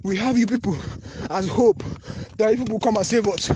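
A man's voice: sits high, a little fast, darkish tone, husky. A man with a Nigerian English accent, making an urgent, repetitive, pleading appeal in a phone voice note. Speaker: anonymous voice-note caller. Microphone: phone voice recording.

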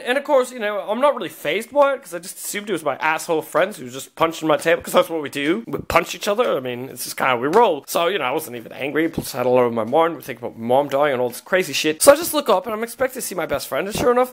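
A man doing profane, rambling stand-up storytelling, acting out the people in his stories. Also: fairly high pitch. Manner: profane, rambling, animated, acts out other people. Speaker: stand-up comedian.

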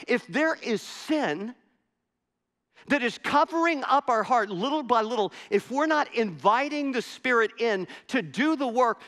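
A middle-aged pastor preaching a sermon, telling a funny, self-mocking story. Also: male voice, high-pitched, a bit bright, long reverb tail. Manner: storytelling with humor and self-deprecation. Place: church sanctuary.

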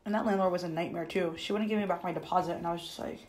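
A woman's voice: fairly low pitch, steady tone, racing, a little mellow, faint music behind, rough recording. A young woman in her twenties, chatting casually for a food vlog, eating between sentences and saying "like" constantly. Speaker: food vlogger. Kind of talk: casual mukbang chat while eating. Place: bathroom at home.

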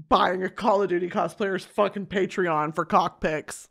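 A young adult woman hosting a podcast, ranting in a crude, comedic, animated way with bursts of shouting and laughter. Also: fairly low pitch, unhurried, creaky. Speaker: podcast host. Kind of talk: casual comedic podcast rant.

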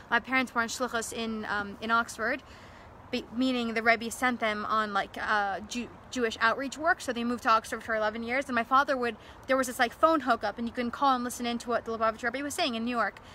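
A woman's voice: fairly high pitch, pushed and bright, slight background noise. A young woman telling a personal story in an impassioned monologue, emphatic and emotional, repeating phrases and using many fillers. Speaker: speaker promoting a religious event.

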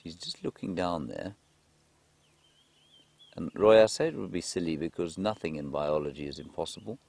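A man giving live safari commentary outdoors in the bush, chatting through viewer questions and dropping to a hushed, excited voice when animals appear. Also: low voice, moderate pace, creaky, slightly rough, no room sound. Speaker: safari guide presenter. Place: outdoors in a game vehicle in the bush.

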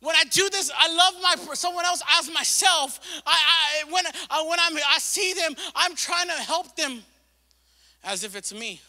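Man preaching, very high voice, bright cutting tone, long hall reverb, impassioned and casual. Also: measured pace. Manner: impassioned, rising and falling preaching with repetition; casual slang and asides. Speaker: pastor. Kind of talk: sermon. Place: church sanctuary.

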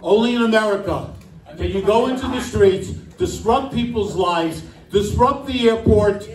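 New man, high-pitched and emphatic, political speaker in an echoey room, off-mic. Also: measured pace, far from the mic. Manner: emphatic, rhetorical questions, indignant. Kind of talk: political speech. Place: club meeting room.

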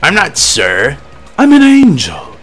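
A man doing a squeaky, high-voiced angel. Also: huge pitch swings, takes it slowly, fairly bright tone, faint music behind, heavily acted. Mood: prim.

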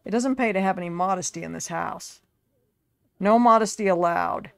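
A woman's voice: lowish voice, moderate pace, gravelly, no room sound. A woman giving casual, chatty commentary over her life-sim game, talking to her characters like a fussing parent. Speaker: gaming video creator.

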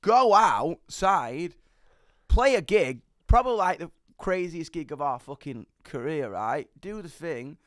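Clean studio audio with no room sound captures a young man whose voice is a little high. He's a musician guest in an interview, storytelling quickly and energetically, with plenty of swearing throughout.

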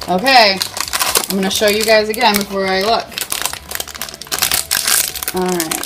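A woman's voice: medium pitch, fairly even intonation, moderate pace, pauses often, heavy background noise. A woman hosting a toy unboxing, chatting casually in a playful way and tossing in silly sound effects.

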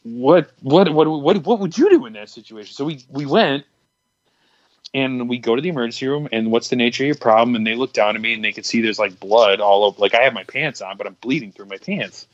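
A man's voice: medium pitch, fast talker, fairly bright tone, no room sound, highs cut off. A young man on a podcast telling a long, candid story, rambling with many restarts and crude words. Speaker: podcast co-host. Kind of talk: casual storytelling chat.

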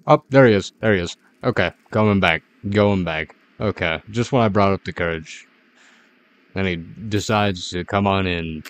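A man's voice: deep voice, steady tone, normal speed, fairly bright tone. A man giving rambling, jittery, self-mocking commentary as a gaming YouTuber playing a horror game.

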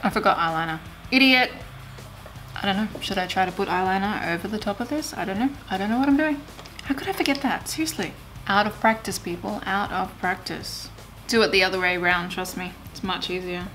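A woman's voice: mid-range voice, fast talker, a bit bright, soft background music. A woman chatting casually and mocking herself as she does her makeup in a get-ready-with-me vlog. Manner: chatty, self-mocking, swears when frustrated. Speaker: beauty vlogger.

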